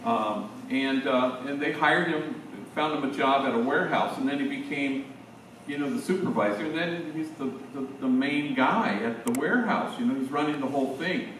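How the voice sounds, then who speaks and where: A man in his sixties, a priest, telling stories to a room of teachers in a relaxed, conversational way with slangy asides. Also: mid-range voice, moderate pace, slight background noise. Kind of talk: storytelling talk to teachers. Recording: echoey hall, distant mic.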